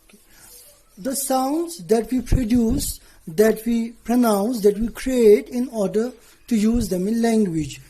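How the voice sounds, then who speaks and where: A woman teacher giving a lesson to students, speaking deliberately, spelling out letters and often checking in with "okay". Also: a little high, mellow, low-quality recording.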